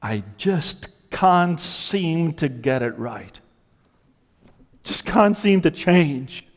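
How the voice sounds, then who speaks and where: A man preaching a sermon with passion, dropping to a hush and then rising to loud cries. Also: fairly high pitch, animated, extremely slow, in a large hall. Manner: impassioned, swings from hushed to loud cries. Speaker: pastor.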